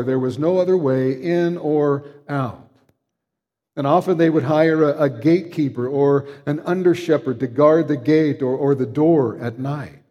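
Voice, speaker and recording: A man preaching a sermon, earnest and emphatic, slowing down to stress key words. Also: medium pitch, warm tone. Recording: long hall reverb.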